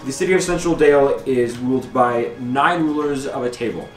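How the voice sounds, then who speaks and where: A man's voice: mid-range voice, fairly quick, faint music behind. Young man game master, echoey room. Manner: hesitant, many ums and restarts. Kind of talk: narrating a tabletop game.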